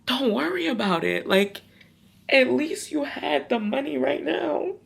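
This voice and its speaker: Calm, comforting mom on the phone, as her daughter puts her on, soothing, a bit gravelly. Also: medium pitch, normal speed, pitched above the performer's own voice. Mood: reassuring.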